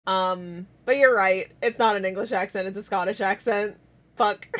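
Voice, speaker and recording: Slow-talking American woman streamer. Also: medium pitch, steady tone, fairly bright tone. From United States. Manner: rambling, halting, laughs a lot. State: recovering from a week-long illness. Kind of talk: casual chat with chat.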